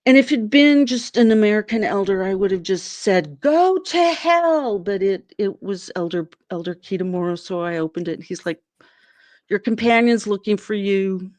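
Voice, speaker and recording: A woman's voice: mid-range voice, normal speed, dry recording. A woman from Arizona, a guest in an interview, telling a personal story and acting out what people said in a raised voice. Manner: animated, acts out quoted people in a raised voice.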